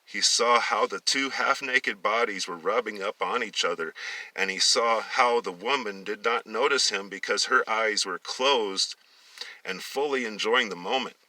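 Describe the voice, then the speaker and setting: A man reading a story aloud with a sharp, forceful tone, often tripping over words and starting phrases again. He sits a little away from the mic in a dry, dead-sounding space. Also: on the low side, measured pace, no room sound, recorded from a distance, low-quality recording. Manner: stumbles and restarts, corrects himself. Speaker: story reader.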